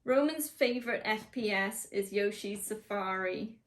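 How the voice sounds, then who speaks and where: A woman's voice: medium pitch, unhurried. A woman co-hosting a casual chat about wrestling, laughing often as she talks. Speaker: podcast co-host.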